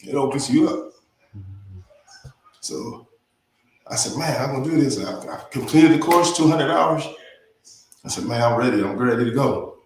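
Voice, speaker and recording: A man's voice: medium pitch, normal speed, pauses often. A man telling a casual story about his path to yoga, acting out the lines of his friends. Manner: animated, acts out quotes. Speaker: guest, yoga teacher. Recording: echoey room, faint noise.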